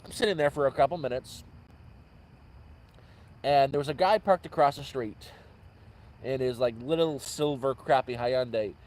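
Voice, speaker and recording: A man's voice: mid-range voice, moderate pace, pauses often, a little mellow, low-quality recording. A man vlogging from an outdoor camp at night, telling rambling stories and often correcting himself mid-sentence. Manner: rambling, self-correcting storyteller. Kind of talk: casual storytelling livestream.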